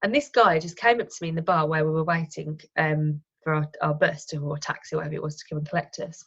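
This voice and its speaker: A woman's voice: deep voice, steady tone, fast, a bit bright, highs cut off. A woman, a wellness coach, chatting as a guest in an interview and telling personal stories with many restarts and self-corrections. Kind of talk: casual conversational interview.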